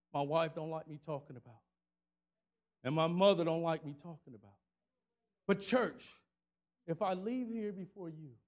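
A man preaching a sermon in a colloquial style, repeating phrases rhythmically and rising to shouted climaxes with call-and-response. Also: fairly high pitch.

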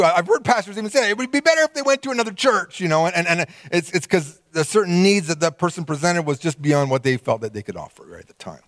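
A male pastor preaching a sermon, animated and conversational, acting out quoted voices with small laughs. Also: fairly high pitch, fast, dry recording.

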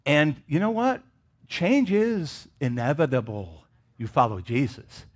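A middle-aged male pastor preaching with a lively, swinging voice that jumps up and drops low. He speaks in a fairly high register and keeps slipping in joking asides to the congregation. He grew up in Michigan. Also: unhurried. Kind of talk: sermon.

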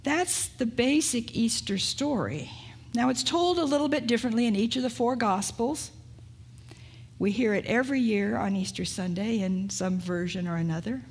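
A woman pastor preaching a sermon, retelling a story in an unhurried way and asking rhetorical questions. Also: a little high, husky.

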